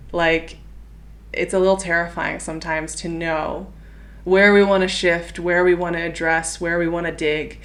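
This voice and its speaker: Young woman, slightly low voice, gentle encouraging tarot reader, earnest, talks to viewers directly. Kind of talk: intuitive tarot reading monologue.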